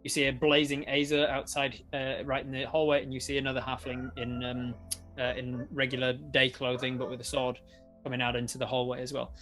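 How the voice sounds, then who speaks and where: A man's voice: medium pitch, completely flat delivery, a little fast, a bit bright, faint music behind. A man with an Australian accent running a live tabletop game as dungeon master, narrating in a rambling, often laughing way.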